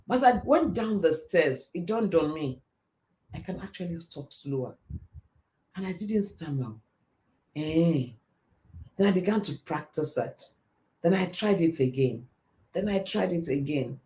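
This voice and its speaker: A middle-aged man hosting a live stream and giving a motivational faith talk, telling stories in a fast, animated way. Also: on the high side, slight background noise. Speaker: host.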